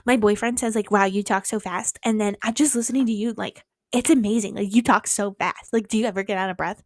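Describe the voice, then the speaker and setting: Young woman, rapid rambling chat, sarcastic and sweary, dry close-mic sound. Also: mid-range voice, fairly even intonation, no room sound. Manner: fast-talking, swears freely, sarcastic asides. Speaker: vlogger. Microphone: close mic held near the mouth.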